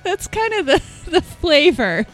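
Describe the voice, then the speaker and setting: A woman's voice: high-pitched, very animated, unhurried, a bit bright, soft background music. A woman in casual chat, joking and candid and laughing often.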